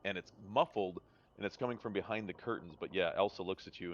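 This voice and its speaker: A man with a low voice narrates as game master, stopping and restarting often. His words come through dull, lo-fi stream audio. The delivery is loose and unscripted. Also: a little fast, slight background noise. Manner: hesitant, many fillers and restarts.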